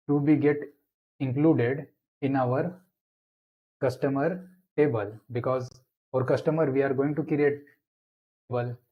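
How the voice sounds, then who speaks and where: Typing code as he goes, a man walks through a programming lesson slowly and step by step for a screencast. He speaks at medium pitch, and the recording sounds muffled.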